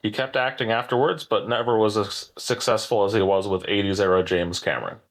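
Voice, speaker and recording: A man hosting a pub-style trivia podcast, reading questions in a measured, deliberate way with dry asides. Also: lowish voice. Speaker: trivia quiz host.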